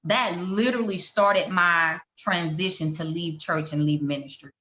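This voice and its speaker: A middle-aged woman, a guest in a conversation, telling a personal story in an animated way and acting out the voices of the people she quotes. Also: lowish voice, moderate pace.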